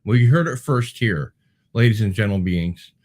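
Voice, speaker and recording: Lower-voiced man rambling through viewer comments. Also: animated, normal speed, darkish tone. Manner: rambling and digressive, with many ums and restarts. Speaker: show host. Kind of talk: casual livestream chat, answering viewer comments.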